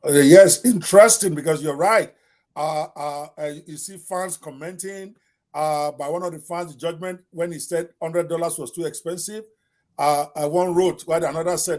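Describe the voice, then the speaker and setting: Male podcast host with a high voice, hesitant and filler-heavy delivery. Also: moderate pace. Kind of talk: interview hosting.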